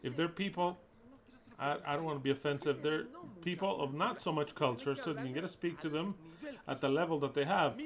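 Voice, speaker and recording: A man's voice: on the high side, fairly quick. A man on an angry, profane rant, speaking with heat and scorn. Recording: crowd audible behind.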